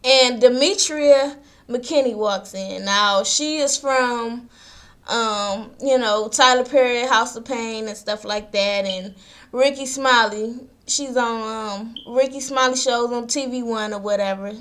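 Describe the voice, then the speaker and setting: A high-voiced woman, chatting through a reality show recap. She talks loosely and slangily and slips into quoted voices as she retells the scenes. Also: takes it slowly, a bit bright. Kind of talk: casual episode recap.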